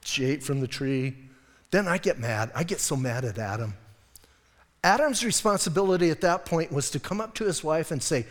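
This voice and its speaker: A middle-aged male pastor preaching a sermon in a church, lively and joking, acting out quoted voices. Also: fairly high pitch, normal speed, long pauses. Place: church sanctuary. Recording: long church reverb.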